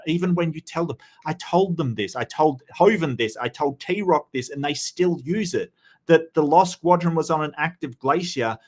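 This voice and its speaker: A man hosting a live-streamed debate show, chatting casually with viewers, blunt and joking with some profanity, and reading out messages from the chat. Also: medium pitch. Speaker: livestream debate host.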